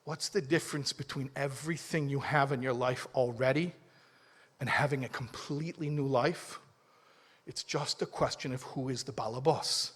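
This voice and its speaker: Male rabbi, animated storytelling sermon, slightly high voice. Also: husky. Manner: animated, acts out dialogue, mumbles asides. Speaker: rabbi giving a talk. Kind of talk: storytelling sermon to a live audience.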